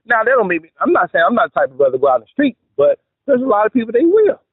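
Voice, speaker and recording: A man talks through relationship advice in a lively, chatty monologue, with a fairly high, husky voice. His pitch swoops up and down as he makes his points and drops in jokes. The sound is dry and tinny, like a phone line. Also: racing, dry recording. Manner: animated and chatty, mixes in joking asides. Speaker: vlogger giving relationship advice.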